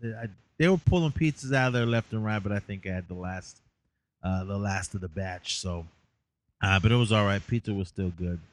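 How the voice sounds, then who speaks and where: A man with a lowish voice rambles through a casual recap of his day. He sounds tired and leans on fillers as he goes. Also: normal speed. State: tired, yawning. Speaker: podcast host.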